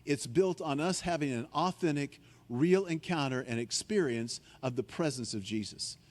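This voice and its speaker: Animated preacher man in a reverberant hall. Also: moderate pace. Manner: animated storytelling, acts out panicked disciples in a higher voice; drops low and quiet for key points. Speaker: guest preacher. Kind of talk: sermon.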